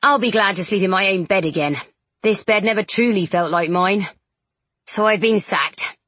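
Woman doing a gentle young man, wistful, soft-spoken, slightly husky. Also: mid-range voice, moderate pace, dry recording, lightly acted.

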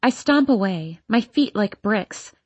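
A woman's voice: mid-range voice, animated, a little slow, darkish tone, husky, no echo, lo-fi sound. A woman narrating a first-person teen novel in an audiobook, reading in an emotional, intense way. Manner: emotional, intense, voicing an upset teenage girl.

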